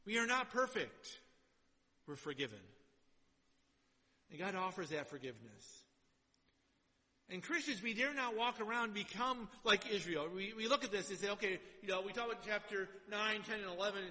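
High, bright-voiced preacher in a reverberant hall. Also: male voice, lively intonation, normal speed, long pauses. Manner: swings between loud exhortation and quiet, low asides. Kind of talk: sermon with scripture reading.

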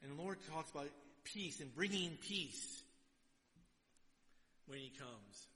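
A man's voice: a little high, lively intonation, slow, long pauses, bright, forceful tone. A man preaching a sermon in a chatty style, often checking in with the congregation. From Minnesota. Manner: conversational, asks the congregation "right?". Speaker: pastor. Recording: long hall reverb.

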